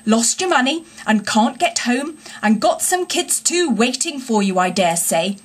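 A woman's voice: on the high side, animated, a little slow. A woman voicing a kindly, burly working-class engine driver with homely, folksy speech. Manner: homely, folksy and plain-spoken.

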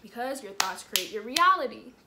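A woman vlogger giving motivational self-improvement advice to the camera, talking fast, rambling and restarting as her words tumble out. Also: on the high side, sing-song, very noisy. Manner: earnest, coaching, asks the viewer questions. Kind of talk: casual motivational to-camera talk.

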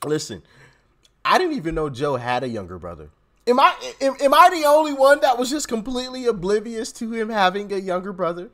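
A man's voice: high-pitched, animated, moderate pace, a bit bright. A man hosting a casual commentary video, reading news stories aloud and reacting to them, laughing often and stumbling over his words as he talks straight to his viewers. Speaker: commentary channel host.

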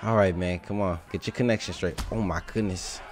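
A young man giving casual, excitable commentary over his own gameplay, trash-talking and laughing at the game. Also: sits low, brisk, a crowd in the background. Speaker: gaming YouTuber.

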